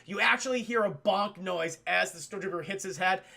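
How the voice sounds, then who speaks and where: High, gravelly, bright-voiced man recapping. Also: a little fast. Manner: animated, profane, jokey. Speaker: streamer. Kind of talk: casual movie recap to a live chat.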